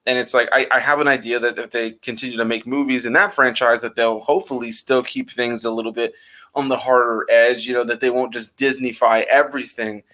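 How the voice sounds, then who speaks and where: A man hosting a relaxed conversation, talking in long winding stretches full of ums and likes. His voice is bright and forward, at an ordinary middle pitch. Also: fairly quick. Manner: rambling, animated, many fillers. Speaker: host. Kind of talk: casual chat.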